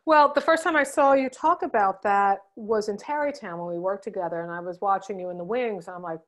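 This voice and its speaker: A woman with a New York accent hosting an interview, chatting warmly and affirming her guest over a video call. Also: mid-range voice, fairly quick. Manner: warm, effusive, affirming. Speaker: host. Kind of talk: casual interview chat.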